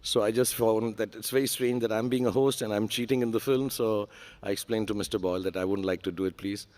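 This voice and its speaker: A man speaks as a guest on a big summit stage. His voice sits fairly low, and he is earnest and self-deprecating, with plenty of small hesitations. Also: steady tone, fast talker, darkish tone. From India. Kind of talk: candid on-stage conversation. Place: large conference stage.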